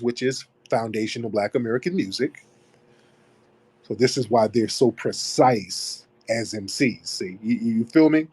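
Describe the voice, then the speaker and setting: Husky-voiced man holding forth, emphatic. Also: fairly low pitch, darkish tone. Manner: emphatic, repeats key phrases like a refrain. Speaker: host of a live audio chat room. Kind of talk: monologue to a live audio room.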